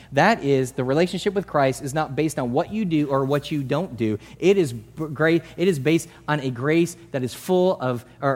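Male pastor, sermon, higher-pitched, chatty delivery with loud peaks. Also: slightly rough. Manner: conversational, acts out congregants' voices, swings from soft to loud.

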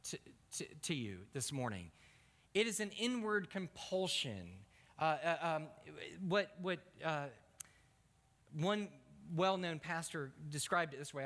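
A man with a slightly high, bright, forceful voice preaches from the pulpit, acting out prayers and dialogue as he tells stories. He often stumbles and repeats words. Long reverb from a church hall trails behind every phrase. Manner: animated storytelling with acted-out prayers and repeated stammers. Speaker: pastor. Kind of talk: sermon. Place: church sanctuary.

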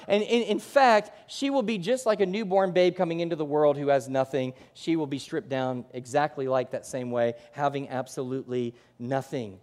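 Guy preaching in a big echoey church, fairly high voice, acts out the quotes. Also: fairly even intonation, moderate pace, hardly any pauses, a little mellow. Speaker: pastor. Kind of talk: sermon. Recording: long hall reverb.

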